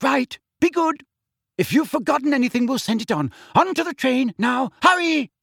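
A man's voice: very high-pitched, animated, gravelly, a bit bright, slightly rough, dry recording, studio quality, pitched above the performer's own voice, heavily acted. A man voicing an anxious, bustling, motherly middle-aged witch who frets and hurries everyone along. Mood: hurried. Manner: fussy, hurried, fretting.

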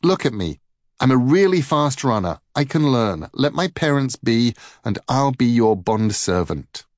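A man's voice: mid-range voice, big pitch swings, unhurried, no echo, studio quality. A man voicing a brave young farm boy who pleads earnestly in a storybook reading. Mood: pleading.

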